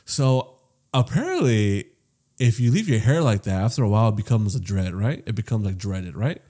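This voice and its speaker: A man co-hosting a casual podcast, telling a long story with lots of swearing, swinging between loud and quiet. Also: on the low side, moderate pace. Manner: profane, animated storytelling that swings loud and soft. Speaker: podcast co-host.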